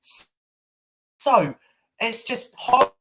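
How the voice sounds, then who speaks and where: A man's voice: very high-pitched, very animated, takes it slowly, fairly bright tone, breathy edge, poor audio. A man doing crude, rambling improvised stand-up over an online call, full of fillers and hesitations. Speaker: stand-up comedian.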